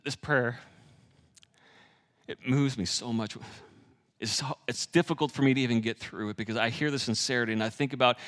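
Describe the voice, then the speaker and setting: A man preaching a sermon, animated and joking with the audience, swinging between loud and hushed delivery. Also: mid-range voice, long reverb tail. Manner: jokes with the audience.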